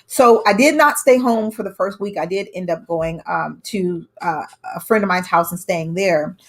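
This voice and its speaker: A woman's voice: on the low side, moderate pace, hardly any pauses. A young adult woman telling a personal story to camera in a candid, conversational way, acting out what others said. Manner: candid, conversational, with emphatic quoted dialogue. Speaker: vlogger telling her own story.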